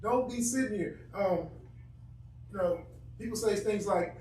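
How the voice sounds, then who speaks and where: High-voiced man, echoey distant mic. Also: unhurried, dark tone. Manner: earnest, emphatic. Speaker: class member. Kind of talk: Bible study discussion. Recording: echoey room, far from mic, faint noise.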